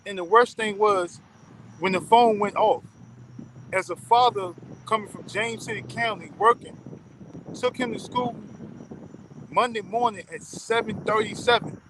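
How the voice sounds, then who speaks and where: A distraught man speaks in a halting, urgent rush, stumbling over fillers. His voice sits fairly high for a man. Faint noise hums behind him on the call. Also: fairly even intonation. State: distraught, emotional. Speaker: interviewee, father of a victim.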